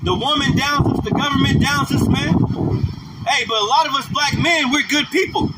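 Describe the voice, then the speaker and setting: Street preacher, male, very high voice, emphatic and slangy; outdoor livestream with loud traffic behind. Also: normal speed. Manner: emphatic, repetitive, slangy, ends phrases with "man". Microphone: phone or camera livestream mic.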